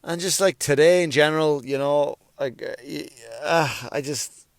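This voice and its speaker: Young male stand-up comic hosting his own podcast, loose, profane, rambling, restarts a lot; smooth tone, close and dry. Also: on the high side, moderate pace, dry recording. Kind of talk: casual rambling monologue. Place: around New York.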